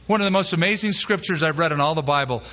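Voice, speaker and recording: A man preaching a sermon as pastor, emphatic and slowing down to stress key words. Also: fairly high pitch, bright, forceful tone. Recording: muffled hall recording with long reverb.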